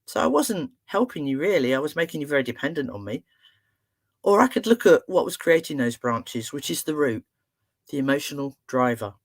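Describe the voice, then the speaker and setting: A middle-aged woman, an emotional therapist giving a talk, telling stories in a chatty, humorous and expressive way. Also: low voice, fairly quick. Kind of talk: storytelling talk to an online audience.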